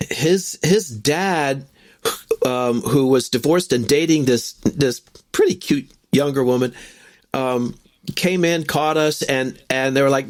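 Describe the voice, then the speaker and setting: A man's voice: medium pitch, slow. A man co-hosting a podcast tells a story in casual chat, chuckling often. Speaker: podcast co-host.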